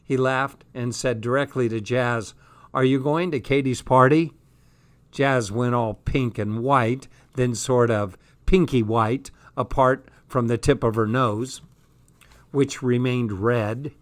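A man's voice: medium pitch, steady tone, takes it slowly. A man reading a comic first-person diary aloud with dry, sardonic delivery. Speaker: audiobook reader.

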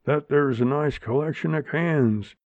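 An eager, talkative storybook man who keeps pushing his point, put on by a male narrator. The voice carries a gravelly edge and an unhurried pace. It comes through a thin, phone-like line. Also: a little high, darkish tone, no room sound, voice pushed up. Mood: earnest. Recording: narrow phone-like sound, dry.

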